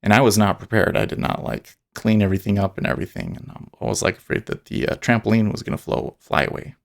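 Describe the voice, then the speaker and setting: A man's voice: on the low side, very animated, fast talker, vocal fry. A man talking casually and rambling as he streams his live day trading, often restarting and chuckling. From Utah.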